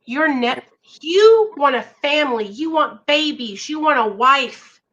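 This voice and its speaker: A woman with a high voice talks in blunt, caring words to a friend. Her tone is bright and clear. She pleads with him as she talks. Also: expressive, unhurried. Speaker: host. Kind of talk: casual chat.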